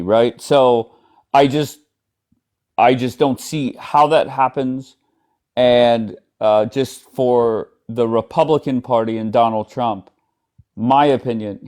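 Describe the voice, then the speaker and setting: A man's voice: mid-range voice, darkish tone. A man hosting a casual live stream, giving blunt, opinionated takes in a conversation with a guest. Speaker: livestream host.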